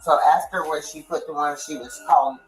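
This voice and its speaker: A relative at the home, speaking haltingly with many fillers. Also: medium pitch, fairly even intonation, roomy sound, faint music behind, rough recording.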